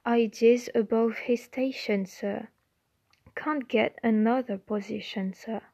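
A woman's voice: fairly even intonation, takes it slowly, creaky, warm tone, highs cut off, full character voice. A woman voicing a timid, anxious female house elf servant who speaks with broken grammar and keeps saying "sir". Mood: anxious deferential. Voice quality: squeaky, quivering.

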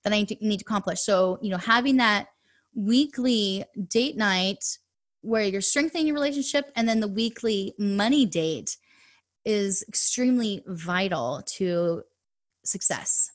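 With an expressive, mid-range voice, a money coach in her thirties shares stories and quick asides while chatting as a guest on a podcast interview.

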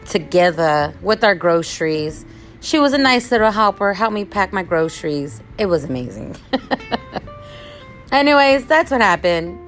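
A woman hosting a podcast, telling a personal story in a casual, animated, expressive way. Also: medium pitch. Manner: animated, expressive, acts out quotes. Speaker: podcast host.

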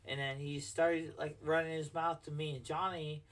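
Higher voiced dude rambling a bouncer story, cussing nonstop, kinda far from the mic. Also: male voice, level tone, normal speed, a bit bright. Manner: profane, rambling, lots of "like". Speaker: podcast co-host, bar bouncer. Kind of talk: casual chat, storytelling.

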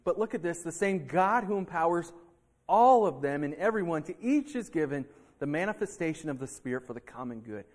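High-voiced animated man preaching. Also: brisk. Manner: animated preaching, acting out heated quotes. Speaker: pastor. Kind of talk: sermon. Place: church sanctuary.

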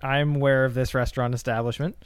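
A man's voice: mid-range voice, steady tone, fast, clear, resonant tone, no echo. A man co-hosting a podcast, chatting casually and cracking dry, teasing jokes. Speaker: podcast co-host. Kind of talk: casual chat.

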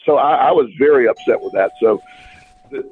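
A man's voice: mid-range voice, animated, fairly quick. A man co-hosting a talk show, telling a long story in a casual, rambling way, with many restarts and quoted dialogue. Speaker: podcast co-host. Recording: dry, tinny phone-like line.

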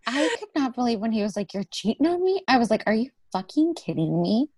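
A woman co-hosting a podcast in casual chat, blunt and quick to agree. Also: fairly high pitch, big pitch swings, a little mellow, dry recording, clean studio sound. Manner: blunt, agreeable, short reactions. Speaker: podcast co-host.

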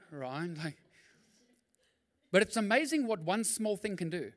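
A male pastor preaching a sermon in a lively, conversational way, with quick asides and acted-out quotes. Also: high-pitched.

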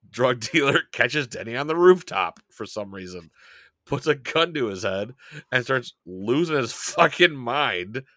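Podcast dude laughing and cussing his way through it, bright voice, swings up and down a lot. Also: mid-range voice, no room sound, clean studio sound. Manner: laughing, profane, scattered. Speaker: podcast co-host. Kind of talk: casual podcast chat.

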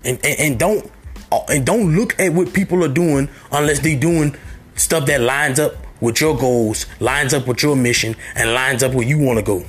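A man giving a motivational sermon, repeating short phrases and rising to near shouts, with faint music underneath. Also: mid-range voice, moderate pace, husky. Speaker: motivational speaker.

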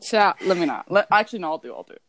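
Giggly woman with a lively voice. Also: fairly low pitch, rapid-fire, slight background noise. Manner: giggly, slangy, breaks into laughter. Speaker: podcast co-host. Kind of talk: casual chat.

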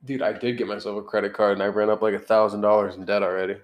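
A man in his twenties hosting a casual podcast chat, upbeat and quick to laugh. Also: fairly low pitch, level tone. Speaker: podcast host.

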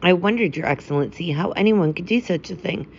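A woman's voice: fairly low pitch, fairly quick, creaky, a little hiss or hum. Figure: eager young male officer read by a woman. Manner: earnest, fawning. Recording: slightly dull lo-fi audio. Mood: obsequious.

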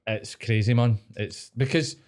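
A young Scottish man, a podcast co-host, telling a story in sweary, lively casual chat. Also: medium pitch, measured pace, clear, resonant tone. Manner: sweary, storytelling, animated impressions.

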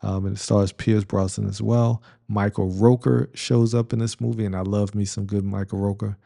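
Gravelly low-voiced man rambling about movies. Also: flat delivery, normal speed, dark tone. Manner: rambling, lots of ums and restarts, chuckling. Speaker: podcast host reviewing movies. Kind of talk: casual movie review monologue.

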